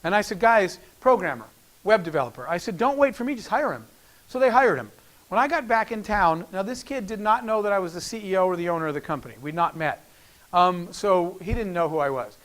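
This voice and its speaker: A middle-aged man with a high-pitched voice is giving a keynote speech. He tells a personal story and acts out the quoted lines as he goes, and it clearly moves him. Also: a little fast. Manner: animated storyteller acting out quoted dialogue. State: emotional. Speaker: keynote speaker.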